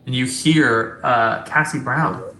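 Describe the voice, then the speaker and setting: A man runs a tabletop game in a loose, chatty way, quick to laugh. His voice sits at an ordinary pitch and carries a roomy echo. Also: lively intonation, sharp tone. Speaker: game master.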